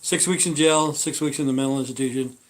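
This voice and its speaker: A man's voice: medium pitch, steady tone, quick pace. A man hosting a live stream, telling stories in a meandering, profane way. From Idaho. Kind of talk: rambling casual live-stream chat.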